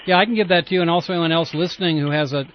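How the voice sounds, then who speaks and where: A man's voice: on the high side, rapid-fire. A male radio host taking a call, patient and dry, often stumbling as he starts his sentences. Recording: dull lo-fi radio audio with faint noise.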